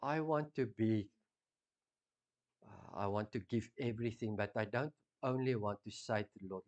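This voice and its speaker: A man with a South African accent preaching a sermon, swinging from loud emphasis down to hushed intensity. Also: lowish voice, normal speed, dull audio. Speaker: pastor.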